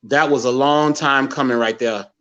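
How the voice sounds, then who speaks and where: A middle-aged man from Gary, Indiana, telling an emotional personal story as a guest, animated, with many restarts. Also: medium pitch, normal speed, dull audio, background noise. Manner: animated, quotes relatives in a raised voice, many restarts.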